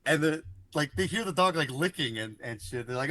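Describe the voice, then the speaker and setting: A man's voice: a little high, expressive, brisk, few pauses, sharp tone. A man co-hosting a podcast, rambling through a story with lots of fillers and casual swearing. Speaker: podcast co-host. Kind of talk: casual chat.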